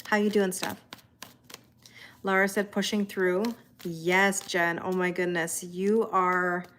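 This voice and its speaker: A woman's voice: fairly low pitch, fairly bright tone, a little hiss or hum. A Canadian woman with a Canadian accent, hosting a tarot livestream in casual chat and greeting viewers by name as she reads their comments aloud.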